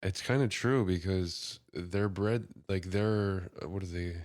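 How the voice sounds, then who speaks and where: A man co-hosting a podcast in a relaxed casual chat, laughing often. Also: low-pitched, a little slow, dry recording, studio quality. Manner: laid-back, laughs often. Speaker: podcast co-host.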